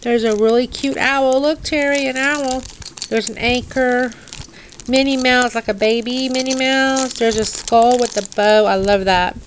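A woman's voice: fairly high pitch, fairly even intonation, unhurried, a little hiss or hum, poor audio. A middle-aged woman, chatting casually as she unboxes a craft package at home, sounding tired and tongue-tied. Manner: drowsy, sluggish and tongue-tied. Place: dim room at home.

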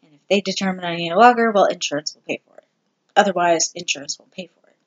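A vlogger giving a candid personal update, talking slowly and haltingly with many ums and restarts. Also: mid-range voice, highs cut off. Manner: candid and self-deprecating. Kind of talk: casual personal health update.

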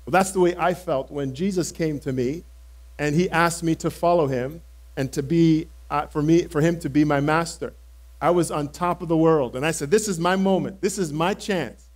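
A man's voice: on the high side, normal speed, natural voice. A male pastor giving a first-person sermon as Simon Peter, the eager, impulsive apostle, speaking earnestly and emphatically to the congregation. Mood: excited. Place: church service held in a cinema auditorium.

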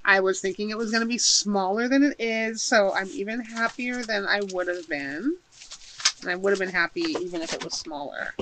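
A woman's voice: mid-range voice, normal speed, fairly bright tone, slight background noise, rough recording. A woman chatting casually while unboxing a shopping haul at home, gushing and thinking aloud as she unpacks. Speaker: haul vlogger.

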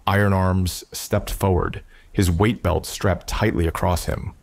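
A man narrating a science fiction story with a steady, even delivery. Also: low-pitched, measured pace, gravelly. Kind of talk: scripted narration.

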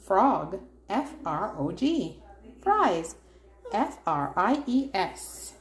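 Mom reading to her kid slow and singsongy, spelling stuff out, echoey room. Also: mid-range voice, sing-song. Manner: sing-song, spells words letter by letter. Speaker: mother reading a workbook to her child. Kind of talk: reading aloud to a child. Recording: roomy echo.

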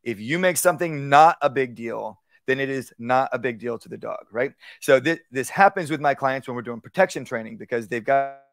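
A man teaching a live workshop on dog training, talking casually and acting out calm, low commands to a dog. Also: a little fast, creaky, few pauses, no room sound. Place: outdoor workshop.

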